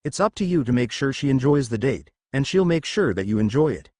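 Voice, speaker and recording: An older woman in charge, flustered but full of instruction, coaxing as she explains, voiced by a man reading the story. The voice stays at a middle pitch, with a close, dry sound. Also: very animated, fairly quick, a little mellow, no echo, lightly acted. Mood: instructive. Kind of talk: fan fiction story reading.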